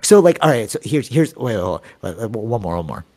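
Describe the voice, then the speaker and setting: A man in his thirties with a fairly low voice, talking fast and animated as he hosts a casual podcast. He leans on "like" and "you know" all the time and keeps the energy up while he shares his thoughts. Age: 30s. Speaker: podcast host.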